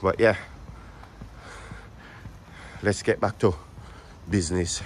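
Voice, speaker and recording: A man's voice: sits low, steady tone, slow pace, slight background noise. A man with a Birmingham accent, chatting and joking to camera while walking outdoors, out of breath and repeating his phrases. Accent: Birmingham English. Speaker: vlogger. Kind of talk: walking vlog, casual chat to camera. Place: outdoors on city streets.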